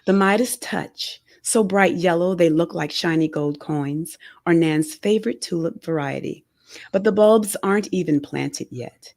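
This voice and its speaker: Woman author, low gravelly voice; measured, expressive reading of her memoir, dry studio sound. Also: dry recording. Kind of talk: reading a memoir excerpt aloud. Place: radio studio. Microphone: studio microphone.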